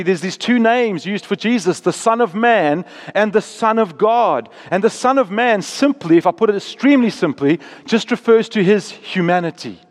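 High-voiced man preaching in an echoing hall. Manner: reads scripture aloud then explains it conversationally; drops to a slow, hushed tone on solemn words. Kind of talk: sermon.

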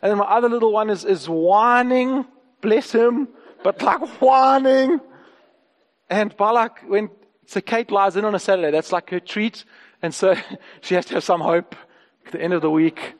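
Candid pastor, high voice. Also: male voice, steady tone, brisk. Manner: candid storytelling with repeated phrases. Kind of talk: sermon. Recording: long hall reverb.

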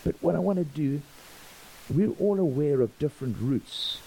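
A man, a pastor preaching a sermon and acting out the dialogue of his stories with lively energy. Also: on the high side, moderate pace, gravelly, a little hiss or hum, rough recording. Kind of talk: storytelling sermon.

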